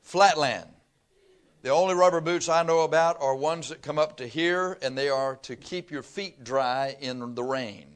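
A man's voice: on the high side, normal speed, hardly any pauses, clean tone. An older man from Texas, preaching a sermon through folksy, humorous stories. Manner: folksy storytelling with laughter.

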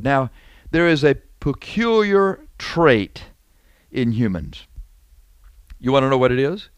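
A male preacher delivering a sermon at a middle pitch, talking to his congregation in an emphatic, conversational way. He repeats his points and keeps asking rhetorical questions. The recording is dry and close, with almost no room sound. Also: sing-song, takes it slowly, pauses often, clear, resonant tone, no room sound.

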